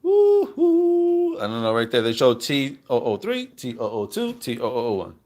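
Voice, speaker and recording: A man giving excited, slangy commentary over cartoon clips, repeating himself and calling out to viewers. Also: medium pitch, normal speed. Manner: hyped, slangy, repeats phrases, calls out "baby" and "fam". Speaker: crypto commentator.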